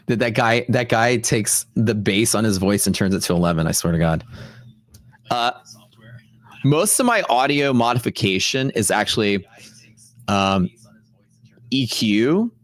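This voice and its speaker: The host of a casual livestream talks in a lowish, animated voice, a little slowly and with long pauses, and there's no echo. Rambling and repeating himself for emphasis, he uses a close studio dynamic mic in a sound-dampened home room lined with fiberglass panels.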